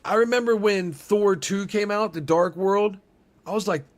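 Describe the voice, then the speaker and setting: A man hosting a casual trailer reaction, talking in a rambling, profane, excitable way with lots of restarts. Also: high voice, normal speed. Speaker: movie reaction host.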